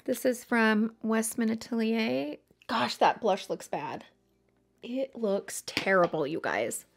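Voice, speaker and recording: A woman's voice: a little high, slow pace, vocal fry. A woman chatting casually while doing her makeup for a get-ready-with-me video, chatty and self-mocking. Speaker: beauty vlogger.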